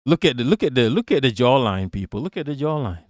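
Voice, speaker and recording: A man doing loose political talk on a live stream and reading out chat as he goes. He is blunt and profane, and he laughs often and repeats himself. His voice sits at a middle pitch and sounds dry and close to the mic. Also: expressive, fast, dry recording.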